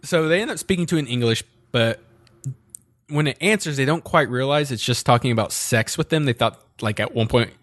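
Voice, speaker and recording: A man's voice: medium pitch, lively intonation, brisk, fairly bright tone. Laughing, rambling male podcast host. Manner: rambling, laughs often, many "like" fillers. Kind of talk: casual chat, recapping an anime episode.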